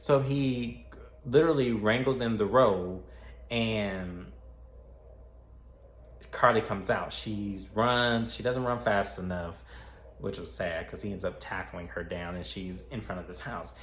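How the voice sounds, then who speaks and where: A man's voice: on the low side, fairly even intonation, a little slow. A man casually retelling a film plot as a movie reviewer, chatty and profane, talking straight to his viewers. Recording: roomy echo, faint ambience.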